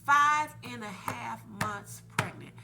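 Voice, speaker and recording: A woman's voice: on the high side, slow, creaky, background noise. A woman in her forties, a podcast host telling a personal story candidly and animatedly, laughing now and then.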